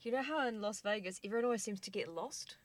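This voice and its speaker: A woman chatting casually and telling a lively childhood story, acting out the voices of the people in it. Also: medium pitch, fast, dry recording. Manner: animated storyteller, acts out quoted voices. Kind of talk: casual chat.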